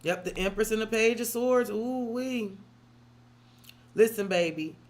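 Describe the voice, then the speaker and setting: This live-streaming tarot reader talks briskly at a medium pitch. Open and emotional, she curses without holding back and addresses her viewers directly, calling them girl and sis.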